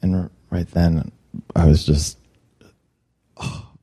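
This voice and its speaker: A young man telling a personal story to a room, lively, with high squeaky voices for quotes. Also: slow pace, husky. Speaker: storyteller at a workshop.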